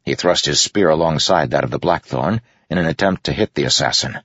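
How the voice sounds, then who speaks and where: A man reading a fantasy novel aloud in a measured, grave narration. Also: extremely low pitch, a bit bright, slightly rough, no room sound. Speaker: audiobook narrator. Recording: dull lo-fi audiobook recording.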